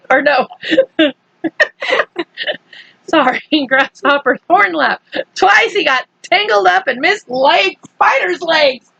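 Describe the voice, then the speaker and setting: Woman reader for a kids' storybook, high bright voice, slow and playful, dry dull sound. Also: creaky, dry recording. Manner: animated, playful, laughs often, acts out shouts. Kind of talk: reading a children's book aloud with asides.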